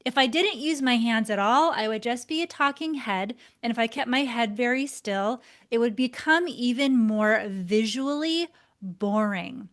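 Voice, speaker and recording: A woman teaching a lesson to camera, expressive, shifting her tone and pace for emphasis as she gestures. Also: on the high side. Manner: gestures deliberately while talking. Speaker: body language instructor.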